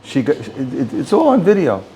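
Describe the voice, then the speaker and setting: A man's voice: fairly high pitch, huge pitch swings, fairly quick, warm tone, slight background noise. A man, a rabbi, giving an informal talk to a small group, often repeating and restarting words.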